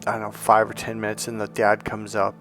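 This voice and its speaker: A man's voice: on the low side, completely flat delivery, brisk, fairly bright tone, faint music behind. A man who works as a relationship coach, telling a story in a rambling, casual monologue with folksy asides.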